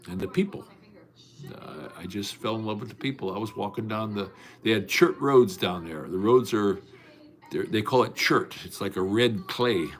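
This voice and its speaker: A man with a very low, deep voice hosts a casual livestream from his home. He greets viewers by name and drifts from story to story in a folksy way. His speech is loose and rambling, with plenty of "uh" and false starts. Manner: folksy, rambling, with many fillers and restarts. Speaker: livestream host.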